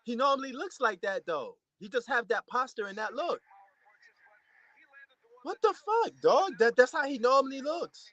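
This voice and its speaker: A man giving a casual, excitable reaction commentary to a boxing match, repeating himself and using slang. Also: extremely high pitch, a little fast, hardly any pauses, lo-fi sound. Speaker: fight reaction host.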